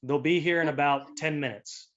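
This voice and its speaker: A man's voice: a little high, steady tone, normal speed, a bit bright, muffled recording, close to an everyday voice. A man voicing a young male ensign at the comms station in a tabletop game, reporting with urgency. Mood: urgent. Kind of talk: improvised tabletop role-play voicing.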